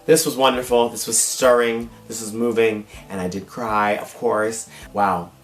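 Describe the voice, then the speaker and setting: A man's voice: on the low side, level tone, a little slow. A man in drag, hosting a casual manga haul vlog, gushing and dramatic, calling viewers y'all and baby, his voice strained and wearing out. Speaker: drag queen manga collector, channel host. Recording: echoey room with faint guitar music. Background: faint guitar music.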